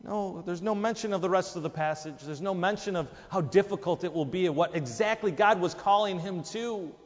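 A man's voice: high voice, brisk, lo-fi sound. Emphatic man preaching in an echoey hall. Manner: emphatic, rises sharply for quoted lines. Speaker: pastor. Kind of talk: sermon.

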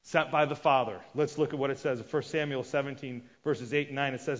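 A man preaching a sermon, shifting between loud emphatic lines and hushed asides as he acts out the people in his story. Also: mid-range voice, steady tone, a little fast, few pauses. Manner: acts out quoted characters with sudden loud and hushed voices. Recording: dull sound with long reverb of a large hall.

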